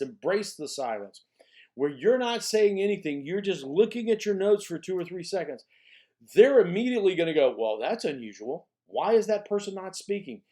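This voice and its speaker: A male college speech instructor recording a lecture, his voice sitting slightly higher than average. He talks in a relaxed, conversational way, checking in with "okay?" as he goes. When a point matters, he slows down and repeats the word for emphasis. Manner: emphatic, repeats key words for stress.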